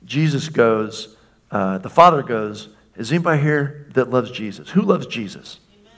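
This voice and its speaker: Guy preaching, chatty and animated, acts out the quotes, mid pitch. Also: normal speed. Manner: conversational preaching, acting out quotes. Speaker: pastor. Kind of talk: sermon.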